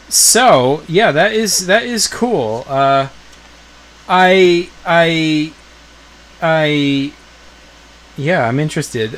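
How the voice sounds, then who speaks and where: A man's voice: high-pitched, fairly bright tone, slight background noise. A man hosting a casual live stream, rambling with many fillers as he reacts and reads chat. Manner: rambling, filler-heavy, enthusiastic. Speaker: streamer host.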